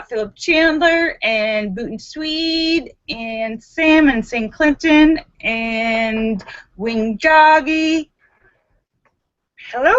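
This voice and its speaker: A woman with a bright, slightly high voice, hosting a live stream in an unhurried, chatty way. She greets viewers by name and reads out their jokes. The webcam audio sounds dull and lo-fi.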